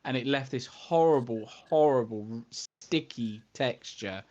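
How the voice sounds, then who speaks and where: Male co-host, lively storyteller, middle pitch, muffled audio. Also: takes it slowly. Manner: animated storyteller, says "mate" and "yeah?". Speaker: podcast co-host. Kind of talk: casual chat.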